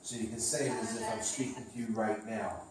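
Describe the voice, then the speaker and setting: A man's voice: lowish voice, fairly even intonation, brisk, far from the mic. A male sales trainer coaches a trainee with encouraging, instructive remarks and the odd joke. He sits well back from the mic in a very echoey room, with a faint hum of ambience behind him. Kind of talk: coaching a role-play reading.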